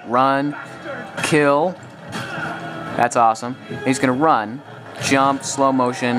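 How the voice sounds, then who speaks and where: A young man giving casual, excited gameplay commentary, rambling and correcting himself as he goes. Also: medium pitch. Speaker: gaming video commentator.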